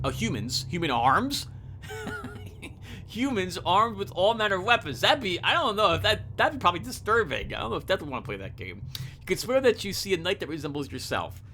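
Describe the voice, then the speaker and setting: A man's voice: fairly high pitch, pushed and bright, slight background noise. A man playing a video game, reading its narration aloud and breaking off for chatty asides and self-corrections, over game music. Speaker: let's player. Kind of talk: reading game text and commenting.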